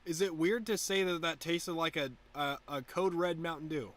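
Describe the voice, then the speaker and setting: A young man rambles through a loose, swear-filled livestream chat while getting high. He keeps his voice lifted into a slightly raised, bright head voice, and his tone is sharp and forward. His delivery is laid-back and wandering. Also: steady tone, normal speed. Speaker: livestream host. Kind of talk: casual stoner livestream chat.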